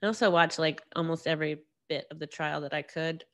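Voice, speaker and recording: एक युवा महिला होस्ट, जो अकेले बैठकर अपने पॉडकास्ट पर बिखरी-बिखरी बातें करती है, बार-बार वाक्य अधूरे छोड़कर फिर से शुरू करती है और खुद पर ही हँसती है।. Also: female voice, low-pitched, steady tone, fairly quick, a bit bright. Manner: rambling, self-deprecating, many restarts. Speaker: podcast host. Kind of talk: casual solo monologue.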